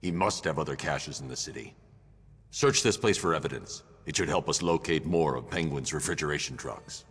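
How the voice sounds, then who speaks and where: A man's voice: a bass voice, moderate pace, fairly bright tone, in a large hall, slight background noise. An actor playing a stern, terse male masked vigilante who gives clipped orders in a video game.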